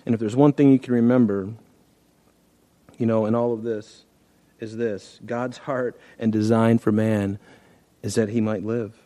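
A man's voice: medium pitch, dark tone, no echo. A man preaching a sermon in an earnest, conversational way, reading scripture and often restarting phrases. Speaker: pastor.

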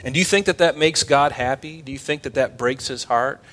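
A man's voice: medium pitch, a little fast, fairly bright tone. A male pastor preaching a sermon in an emphatic way, often asking his listeners rhetorical questions.

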